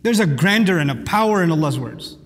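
A man's voice: fairly high pitch, animated, brisk, long reverb tail. A man teaching a lecture on the Quran, speaking emphatically and reciting Arabic verses.

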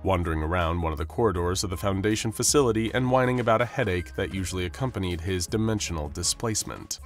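Deep-voiced male story narrator. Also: fairly quick, few pauses. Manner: expressive, dramatic. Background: faint music.

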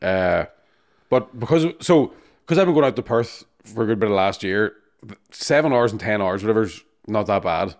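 Low-voiced man telling stories. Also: animated, moderate pace. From Northern Ireland. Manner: sweary, jokey storyteller, laughing often. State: jet lagged. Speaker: podcast co-host. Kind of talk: casual chat.

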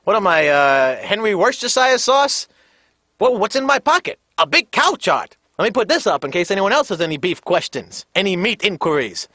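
Man doing high, whiny New dad, suspicious and exasperated. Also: very animated, normal speed, sharp tone, no room sound, exaggerated voice. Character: suspicious grumbling middle-aged New York father. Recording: slightly dull lo-fi TV audio.

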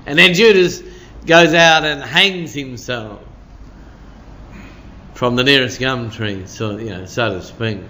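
A man's voice: mid-range voice, takes it slowly, long pauses, bright, forceful tone, a little hiss or hum. A man, preaching a midweek sermon as a pastor in a chatty storytelling way, full of "you know" and "sort of".

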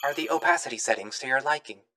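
A man voicing a calm, formal robotic AI assistant with flat, polite machine phrasing. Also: medium pitch, fast, pitched above the performer's own voice, close to an everyday voice.

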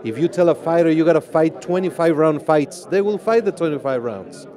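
A man with a Mexican Spanish accent, giving measured interview answers at an outdoor press event. He talks in a deliberate, halting way with many pauses. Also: on the high side, mellow. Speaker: boxing organization president.

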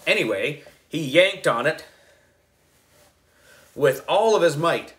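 A man reading a children's book aloud, narrating in an expressive, deliberate storytelling manner. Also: mid-range voice. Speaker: book club reader.

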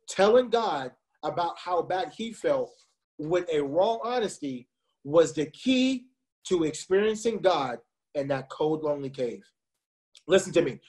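This youth speaker is a man in his twenties with a high-pitched, darkish voice. He preaches with real fervor to young listeners on a video call, returning again and again to the phrase "listen to me."

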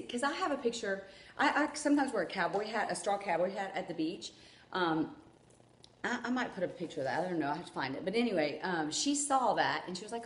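A woman's voice: mid-range voice, animated, moderate pace. Gushing woman in an echoey room. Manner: gushing, enthusiastic, rambling. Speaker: vlogger. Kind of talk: excited unboxing vlog. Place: room at home. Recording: echoey room with faint ambience.

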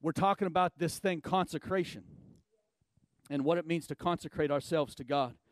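A middle-aged male pastor delivers a sermon in a notably high voice. He preaches emphatically, sinking into low, quiet stretches before rising to loud shouting. The recording is dry, with no room echo. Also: normal speed.

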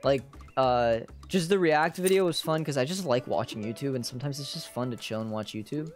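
A streamer giving casual gameplay commentary, excitable and joking, who talks back to the game. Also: medium pitch, brisk, soft background music.

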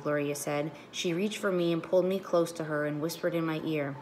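A woman teacher reading a children's chapter book aloud to her class, clear and expressive. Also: sits low, a little fast, few pauses, a little hiss or hum.

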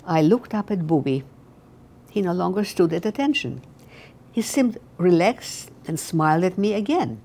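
An elderly woman in her eighties reading her own memoir aloud, slow and halting, with frequent restarts. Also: on the low side, dark tone. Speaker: memoir author.

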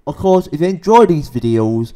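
A man's voice: a little high, very animated, normal speed, warm tone. A man hosting a reaction video, rambling and blunt with plenty of swearing. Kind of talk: casual reaction commentary.

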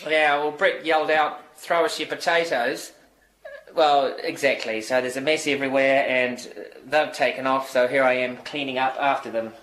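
A flustered band manager with a New Zealand accent, played by a man, stumbling and apologising his way through phone calls. His talk rambles and trips over itself, pitched in an ordinary middle range. It comes across as a radio sitcom character. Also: flat delivery, normal speed, fairly bright tone, slight background noise, lightly acted, rough recording.

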